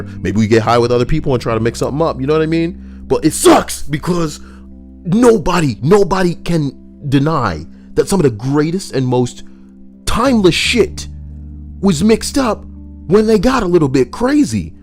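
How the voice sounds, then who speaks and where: A young man rants through casual, profane commentary in a wildly lively voice. He rambles, pushing hard on some lines and dropping to a mutter on others. Faint music hums underneath. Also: moderate pace. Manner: rambling, swaying between loud rants and low mutters. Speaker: YouTube commentator.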